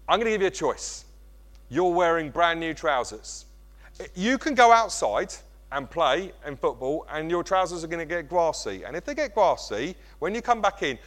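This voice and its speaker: A middle-aged man preaching a sermon, animated and self-mocking. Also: high-pitched. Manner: animated, self-mocking, acts out kids' voices. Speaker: pastor.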